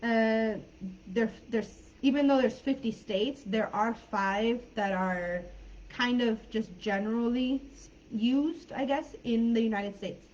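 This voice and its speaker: A woman's voice: on the high side, slow, darkish tone, muffled recording. A woman with a Californian accent, an English teacher talking through a live online class in a friendly, chatty way with plenty of fillers.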